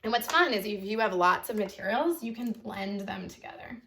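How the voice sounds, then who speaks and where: A woman's voice: medium pitch, animated, moderate pace, vocal fry, pushed and bright, a little hiss or hum. A young adult woman art teacher giving a chatty, encouraging online drawing lesson for kids, easily sidetracked as she draws.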